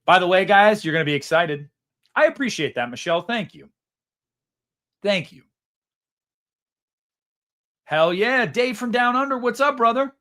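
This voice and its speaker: A man's voice: sits high, lively intonation, moderate pace, pauses often, pushed and bright. A young man hosting a casual live stream, reading super chats in a rambling, self-mocking way and swearing freely.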